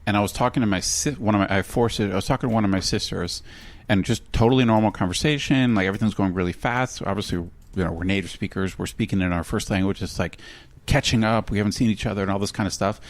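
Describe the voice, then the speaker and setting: Low-voiced man telling a lively story. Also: quick pace, few pauses, dry recording. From United States. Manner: animated storyteller, imitates others' voices. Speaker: podcast co-host. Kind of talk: casual conversational podcast chat.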